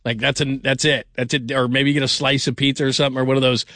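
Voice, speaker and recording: A man's voice: mid-range voice, flat delivery, fast talker, bright, forceful tone, dry recording. A middle-aged man hosting a sports call-in radio show, rambling casually with many restarts. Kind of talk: late-night sports call-in chat.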